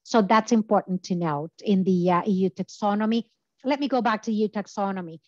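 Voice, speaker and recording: A woman's voice: medium pitch, fairly quick, dry recording, lo-fi sound. A woman giving a lecture over slides, explaining step by step with many filler sounds, her voice a little tired from talking all day. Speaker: guest lecturer.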